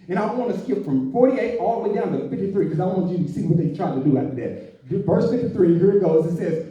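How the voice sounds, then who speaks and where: A man's voice: sits high, animated, quick pace, mellow, dull audio. A man preaching a sermon as minister, with humor and call-and-response. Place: church sanctuary. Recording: echoey church from a distant mic.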